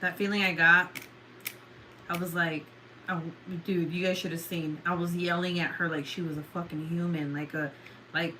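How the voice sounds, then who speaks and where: A woman's voice: fairly low pitch, steady tone, moderate pace, pushed and bright, rough recording. Profane, rambling woman with faint hiss. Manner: profane, laughing often, rambling. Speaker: streamer chatting with viewers. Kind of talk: casual chat.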